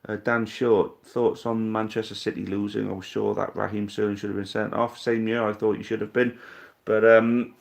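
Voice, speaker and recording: The voice is a fairly low male one with little pitch movement, normal speed, and vocal fry. He's in his thirties, hosting a live stream where he casually reads viewer comments and responds in a laid-back, blunt, jokey manner, swearing freely.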